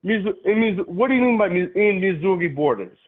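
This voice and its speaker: A Russian-accented man in his thirties calls in over a tinny phone line, his voice sitting fairly high. He speaks halting, broken English and sounds puzzled and literal. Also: expressive. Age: 30s. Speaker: caller. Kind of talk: call-in phone conversation.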